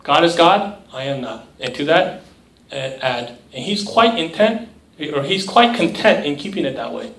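A young youth pastor preaches a conversational sermon to a youth group, his voice on the high side, gravelly and fairly bright, with lively intonation at a normal speed. He often checks in with "right?" and briefly mimics other voices. The room is echoey and the mic sits at a distance.

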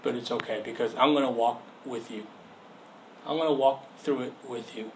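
A man's voice: mid-range voice, fairly even intonation, normal speed. Young man, youth pastor, casual sermon, story told with acted-out voices, light background noise. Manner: conversational storytelling, acts out voices in anecdotes.

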